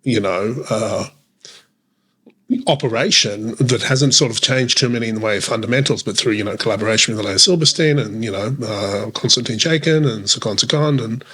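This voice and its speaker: A man's voice: on the low side, brisk, fairly bright tone, slightly rough. A man co-hosting a casual podcast chat, rambling along with plenty of fillers and restarts. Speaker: podcast co-host.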